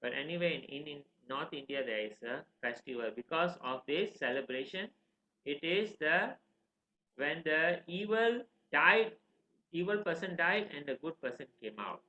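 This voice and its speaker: A man teaching a scripture class, telling a story in an animated, conversational way and asking the listeners questions. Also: fairly high pitch, normal speed, slight background noise. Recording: roomy, slightly dull recording.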